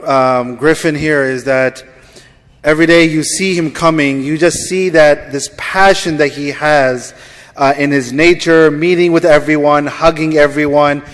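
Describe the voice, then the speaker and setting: An imam with a slightly high voice leads the words line by line, then speaks warmly and unhurriedly with many fillers. A long reverb from the large hall follows every phrase. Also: male voice.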